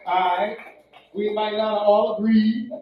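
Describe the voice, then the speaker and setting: A male comedian doing a stand-up set, loud and brash, swinging between shouting and muttering, on a club stage. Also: high voice, level tone, takes it slowly, a little hiss or hum. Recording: echoey distant club recording, dull sound.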